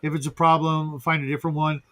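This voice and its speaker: Hesitant male co-host, higher pitch, lots of repeated words. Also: little pitch movement, fast, fairly bright tone. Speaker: podcast co-host. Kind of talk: casual chat.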